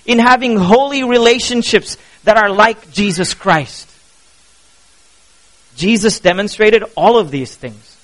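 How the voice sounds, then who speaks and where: Male pastor, high voice, sermon, animated, rhetorical questions. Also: measured pace, rough recording. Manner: animated, asks the congregation questions.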